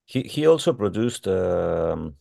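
A male radio host with a low, gravelly voice that catches on the fillers as he feels his way through each question. The sound is dry and close to the mic, with no room around it. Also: very animated, dark tone, no echo. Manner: hesitant, halting questions with many fillers. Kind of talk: radio interview.

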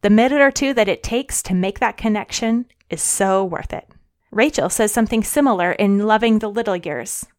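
A woman's voice: medium pitch, normal speed. A middle-aged woman reading her audio blog as a podcast host, cheerful and earnest.

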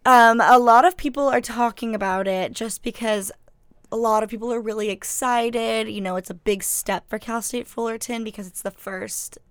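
A woman's voice: fairly high pitch, steady tone, normal speed, clean tone, no room sound, studio quality. Chatty young woman co-host. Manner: chatty, mimics people in sarcastic voices. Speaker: student radio co-host. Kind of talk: casual chat.

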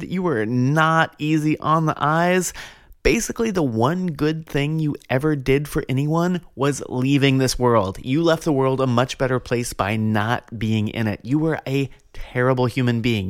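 A man voicing an old male desert monk who speaks slowly and mock-solemnly to a corpse, as if teaching a lesson. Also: mid-range voice, no room sound, studio quality, voice pushed up, natural voice.

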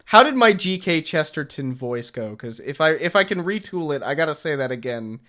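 A man's voice: a little high, very animated, moderate pace, sharp tone. A man co-hosting a podcast, joking around in casual chat. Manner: jokey, self-deprecating, does silly voices. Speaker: podcast co-host.

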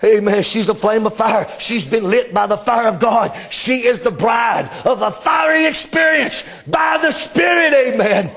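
A middle-aged man, preaching a sermon with fervor, often rising into shouted exclamations. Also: very high voice, lively intonation, unhurried, creaky, few pauses.

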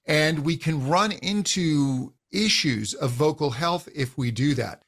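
A middle-aged man with a voice pitched a little high for a man talks as a vocal coach. He explains anatomy and technique steadily and clearly, like a teacher walking a guest through the basics. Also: measured pace. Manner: calm, instructive, uses physical demonstrations of voice. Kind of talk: explanatory interview answers.

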